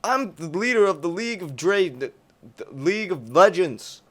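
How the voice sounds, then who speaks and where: A man's voice: high voice, expressive, moderate pace, fairly bright tone, voice pushed up. A man voicing a bumbling middle-aged male league leader who stammers and trips over his own words, for a comedy parody. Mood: awkward. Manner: stumbling, tongue-tied.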